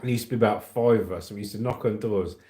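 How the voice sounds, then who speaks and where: A man's voice: on the low side, quick pace, dark tone. A middle-aged man from the UK hosting a casual livestream, joking and reading viewer comments aloud. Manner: chatty, jokey, reads comments aloud. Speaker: livestream host.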